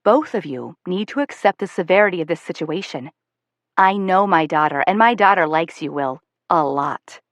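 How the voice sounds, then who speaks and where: A woman's voice: fairly low pitch, animated, moderate pace, no room sound. A woman reading an audiobook, voicing a stern, protective middle-aged mother who speaks firmly and accusingly. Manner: firm and accusing. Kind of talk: audiobook character voice.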